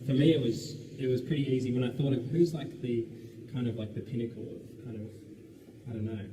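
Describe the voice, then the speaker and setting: An Australian musician guest in a casual radio interview, relaxed and rambling with lots of fillers. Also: male voice, mid-range voice, brisk. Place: radio studio. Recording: roomy, distant mic, background noise.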